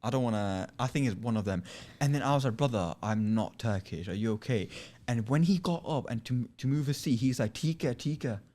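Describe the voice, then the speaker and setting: A man's voice: mid-range voice, lively intonation, a little fast, hardly any pauses, mellow. A man with a British accent, a podcast guest chatting casually and telling a story, acting out the people he quotes. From United Kingdom. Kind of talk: casual chat.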